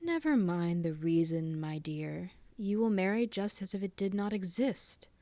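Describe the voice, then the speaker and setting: A woman voicing a malicious dying old aristocrat, speaking slowly in a hushed, menacing whisper. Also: fairly low pitch, animated, no room sound. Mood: sinister.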